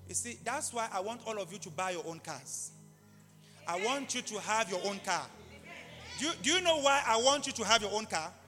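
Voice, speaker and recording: A man preaching a live sermon in an impassioned way, repeating key phrases and bursting into shouts. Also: high voice, animated, a little fast. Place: large church hall. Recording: live hall reverb with faint music.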